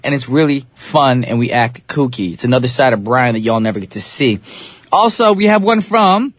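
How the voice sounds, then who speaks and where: A man's voice: mid-range voice, lively intonation, normal speed, no echo. A man in his thirties hosting a live radio show in a studio, chatting in an upbeat, playful way with casual slang. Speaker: radio DJ host. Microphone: studio microphone.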